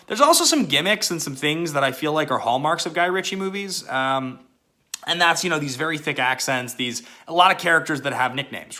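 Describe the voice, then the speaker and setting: A man's voice: mid-range voice, pushed and bright. A man hosting a casual movie review channel, chatty and loose, with lots of fillers and asides.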